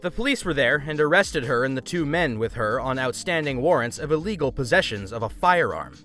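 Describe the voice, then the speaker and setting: A man's voice: mid-range voice, lively intonation, brisk, a bit bright. A man narrating a story aloud in a wry storytelling manner. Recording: faint background music.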